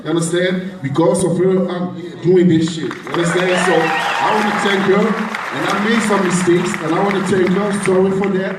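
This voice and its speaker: A man's voice: high-pitched, fairly even intonation, moderate pace. A male bodybuilding competitor speaking emotionally at a press conference, swearing and repeating himself. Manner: impassioned, swearing, repeating "you understand". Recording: echoey room, distant mic, crowd noise.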